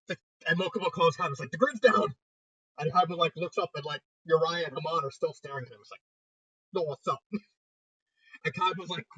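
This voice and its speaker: A man's voice: fairly high pitch, pushed and bright, no room sound, distant mic, low-quality recording. A young man giving a casual spoken review, retelling it animatedly with frequent laughter and lots of "like". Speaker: fanfiction reviewer. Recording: dry sound, voice set back from mic.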